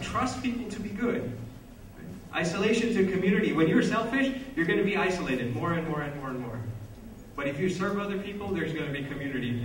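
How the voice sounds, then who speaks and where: A man's voice: on the high side, fairly bright tone, slight background noise. A man giving an earnest, plain-spoken speech at a conference. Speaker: conference speaker. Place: conference hall. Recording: echoey hall, mic from far off.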